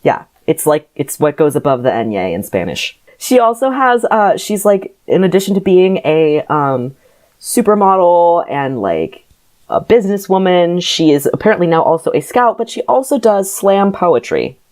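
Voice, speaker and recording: Young woman, low voice, rambling sarcastic book recap, casual podcast chat. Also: big pitch swings, moderate pace, a little mellow. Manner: rambling, sarcastic, laughs often. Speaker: podcast co-host.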